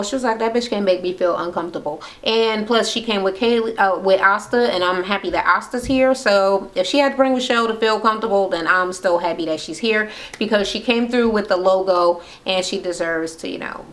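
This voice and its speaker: A woman's voice: medium pitch, fairly bright tone. A woman casually recapping a reality show, swearing freely and acting out everyone's lines in different voices. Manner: profane, acts out quotes in varied voices. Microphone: camera mic.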